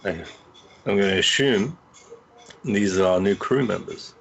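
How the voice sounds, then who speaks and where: A man casually playing a tabletop game, easygoing and relaxed in his talk. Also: fairly low pitch, unhurried, vocal fry. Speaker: player. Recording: dull lo-fi mic.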